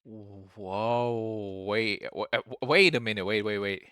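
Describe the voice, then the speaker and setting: A man's voice: lowish voice, slow pace, pushed and bright, smooth, dry recording, clean studio sound. A young man giving casual, rambling commentary as a streamer reacting to a clip, restarting his sentences often and calling everyone "bro". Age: young adult.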